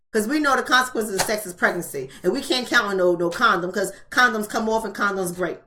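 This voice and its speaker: A woman's voice: medium pitch, animated, quick pace, hardly any pauses, pushed and bright. A woman hosting a live-streamed book club, talking bluntly and emphatically and repeating rhetorical questions.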